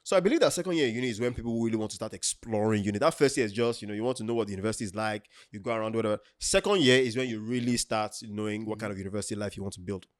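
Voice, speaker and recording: A man in his thirties with a Nigerian accent, a podcast co-host telling stories in a lively, laughing way. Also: fairly low pitch, racing, hardly any pauses, no room sound, clean studio sound. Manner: animated, laughs often, acts out quotes. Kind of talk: casual storytelling chat.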